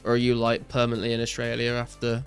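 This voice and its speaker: A young man streaming a game, reading chat aloud and answering viewers in a relaxed way, full of "like" and "um". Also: mid-range voice, quick pace, faint music behind. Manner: relaxed, reads out chat messages and answers viewers with many fillers. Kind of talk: casual live-stream chat while gaming.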